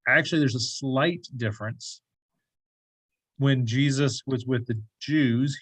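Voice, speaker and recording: With lively intonation and a normal speaking speed, a medium-pitched man runs a church bible study in a classroom. He keeps it conversational, questioning the group and adding jokey asides, and the sound has no echo.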